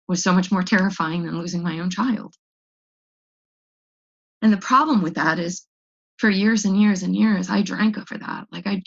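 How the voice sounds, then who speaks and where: A woman's voice: lowish voice, vocal fry, husky. A young adult woman speaking at a recovery meeting, sharing her story in a candid, raw way and repeating words when she gets emotional. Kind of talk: personal recovery testimony. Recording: dull lo-fi recording.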